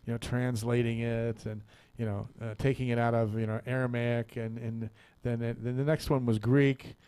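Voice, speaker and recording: Chatting casually on his radio show, a male host tells a meandering joke from the studio, laughing often and repeating himself. His medium-pitched voice is dark and smooth, with little pitch movement, at a moderate pace.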